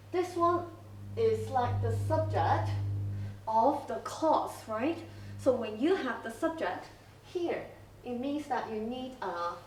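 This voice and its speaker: Slow, roomy-sounding woman teacher. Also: fairly high pitch, a little hiss or hum. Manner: slow, explanatory, checks in with frequent okay. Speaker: English teacher. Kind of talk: classroom lesson recording. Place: school classroom. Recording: roomy classroom, from a distance.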